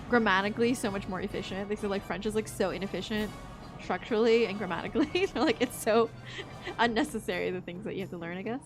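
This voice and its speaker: A woman's voice: medium pitch, a bit bright. A young woman streaming a game, chatting casually, joking, swearing freely and laughing often. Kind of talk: casual chat while gaming.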